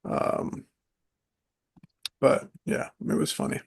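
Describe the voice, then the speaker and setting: A man in his twenties from New York, telling stories in casual podcast chat, animated and rambling, with many fillers and restarts. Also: slow pace. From New York, USA. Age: 20s. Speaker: podcast co-host.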